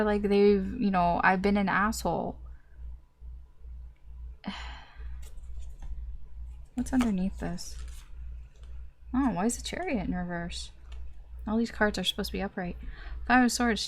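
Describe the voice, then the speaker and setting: Young woman, tarot reader, casual chat, lots of fillers, mid-pitched voice. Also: a little mellow. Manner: chatty, lots of fillers, acts out reactions.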